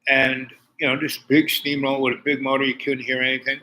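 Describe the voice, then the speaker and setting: A man's voice: mid-range voice, completely flat delivery, a little fast, pushed and bright, slight background noise, rough recording. An older man from Harlem, talking in a rambling personal monologue full of asides and restarts. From Harlem, New York. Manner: digressive storytelling with many restarts and asides. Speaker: host.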